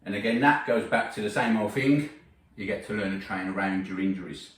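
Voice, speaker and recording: A man's voice: on the low side, fairly quick, fairly bright tone. Blunt, sweary man in an echoey gym. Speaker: gym trainer. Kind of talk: casual workout vlog talk. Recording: roomy gym, mic at a distance.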